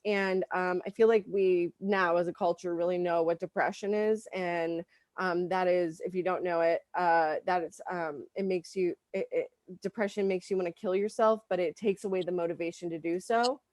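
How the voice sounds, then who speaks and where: A woman's voice: on the low side, steady tone, normal speed, darkish tone, dry recording. A woman doing a stand-up comedy set, rambling with lots of ums and likes.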